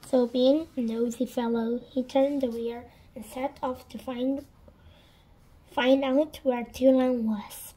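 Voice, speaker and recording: A woman reading a children's storybook aloud in a gentle, deliberate storytelling manner. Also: high voice, fairly even intonation, husky, rough recording. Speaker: storybook reader.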